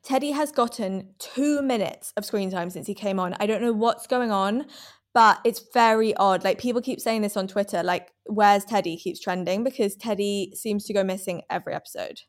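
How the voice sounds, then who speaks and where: A young woman co-hosting a podcast, chatting in a lively, gossipy way. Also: mid-range voice, normal speed. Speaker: podcast co-host. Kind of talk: casual chat.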